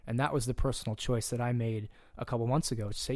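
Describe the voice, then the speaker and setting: A man coaching in a relaxed podcast chat, talking in an earnest, direct way. His voice sits in an ordinary middle pitch, and the sound is dry and close with no room echo. He is plain-spoken and now and then drops a casual curse. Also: fast talker.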